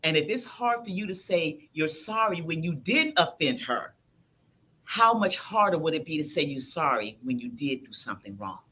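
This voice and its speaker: A woman voicing a stern middle-aged mother who shouts welcomes and scolds her sons. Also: low voice, expressive, moderate pace, husky, voice pushed down, exaggerated voice. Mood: solemn.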